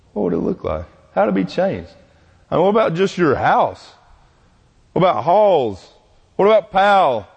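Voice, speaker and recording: A man, a pastor giving an animated sermon and acting out the voices he quotes. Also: mid-range voice, long reverb tail. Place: church sanctuary.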